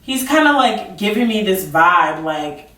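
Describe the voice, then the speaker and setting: A woman's voice: mid-range voice, sing-song, measured pace, sharp tone. A young woman telling a storytime vlog in a chatty, goofy way, full of "like". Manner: chatty, filler-heavy 'like'; self-described awkward and goofy. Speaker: vlogger. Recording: roomy sound from a distant mic.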